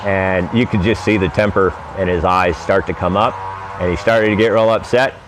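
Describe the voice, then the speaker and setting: A man's voice: sits low, steady tone, moderate pace, noisy background. A man telling wry, rambling stories about his sailing travels in a casual, laid-back way. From United States. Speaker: vlogger recounting sailing travels. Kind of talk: casual storytelling.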